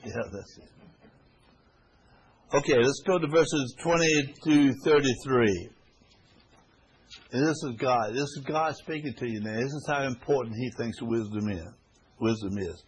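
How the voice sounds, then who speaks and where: A man's voice: medium pitch, moderate pace, a little hiss or hum. A man teaching a Bible study class to a small group, reading scripture aloud and explaining it in a folksy way, often repeating phrases for emphasis.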